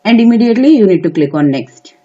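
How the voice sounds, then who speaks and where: An exam prep tutor giving earnest step-by-step advice, with frequent filler pauses. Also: mid-range voice, lively intonation, warm tone. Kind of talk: instructional talk to camera. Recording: dull lo-fi recording.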